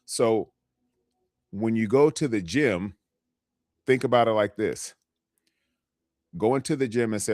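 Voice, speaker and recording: A man's voice: fairly low pitch, unhurried, long pauses, a little mellow, no room sound, clean studio sound. A man, a health coach, giving motivational advice on a live stream in a conversational way, often checking in with "okay?". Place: lives in California.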